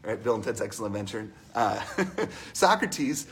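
A man preaches a conversational sermon, animated and storytelling in style, and puts questions to the congregation. He speaks at normal speed in a lowish voice.

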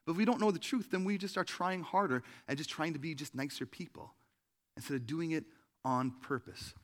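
Male pastor, slightly high voice, chatty sermon delivery with frequent "like" and "right?". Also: a little fast, a bit bright. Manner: conversational, many fillers and rhetorical "right?"; acts out quoted voices with big jumps in pitch and volume.

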